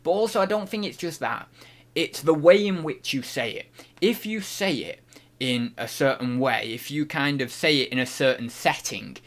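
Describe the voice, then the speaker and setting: A man's voice: on the high side, moderate pace, fairly bright tone. A man from the UK hosting a casual livestream, reading out chat questions and thinking aloud, often restarting and unsure of himself.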